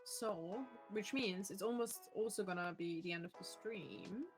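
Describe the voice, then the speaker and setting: A woman's voice: medium pitch, a little slow, poor audio. Woman streamer rambling at home, laughs a ton, swears, faint music behind. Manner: laughs often, animated storytelling, swears freely. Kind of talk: casual stream chat.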